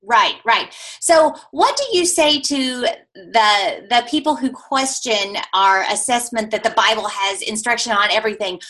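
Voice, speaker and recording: A woman hosts a faith-based parenting podcast in an easy, conversational way, affirming her guest and asking follow-up questions. Her voice is bright and sits fairly high. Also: measured pace. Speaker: podcast host.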